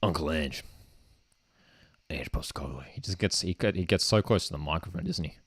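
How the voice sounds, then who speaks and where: Brief: man, football watchalong host, low voice, casual and keen. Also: brisk, no echo, studio quality. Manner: casual and enthusiastic, often says "man". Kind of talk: live match watchalong commentary. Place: home streaming desk setup.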